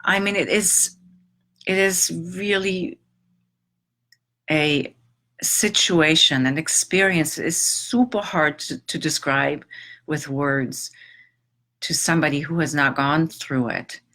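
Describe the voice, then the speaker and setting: A middle-aged woman telling a personal story in a reflective, halting, emotional way, with long pauses. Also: sits low, fairly bright tone. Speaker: transformational teacher.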